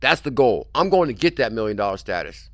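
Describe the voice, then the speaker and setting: A man's voice: mid-range voice, very animated, a little fast, a bit bright, a little hiss or hum. A man hosting a crypto livestream in a pushy, repetitive hype style, keeps pressing his point. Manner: pushy, repetitive hype, keeps saying "I'm telling you". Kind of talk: hyped casual livestream talk.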